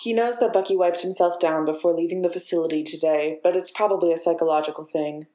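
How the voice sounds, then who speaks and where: A woman narrating a story in a steady, measured reading voice. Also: fairly low pitch. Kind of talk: audiobook narration of fiction. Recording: echoey room.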